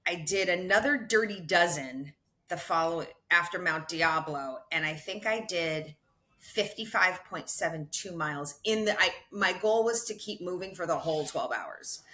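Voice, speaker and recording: Middle-aged woman, podcast guest. Bright, lower-pitched, chatty and quick to laugh. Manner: animated, quick to laugh, self-correcting restarts. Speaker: podcast guest, ultra runner. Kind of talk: casual storytelling interview.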